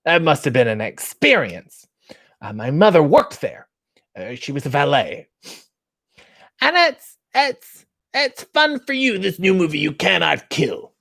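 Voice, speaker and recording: Guy doing a smug gushing talk-show interviewer bit, voice jumps high, insults dressed up as compliments. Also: big pitch swings, a little slow, vocal fry, a bit bright, dry recording, clean studio sound, heavily acted. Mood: snide mock-flattery. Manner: mock-fawning, insulting, tacks "boy" onto questions. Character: pompous, snide middle-aged male celebrity interviewer.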